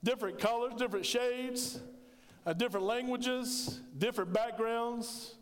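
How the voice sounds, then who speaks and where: Male pastor, middle-aged, high voice, animated storyteller, long church reverb. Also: measured pace. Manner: storytelling, animated, jokes with congregation. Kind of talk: sermon.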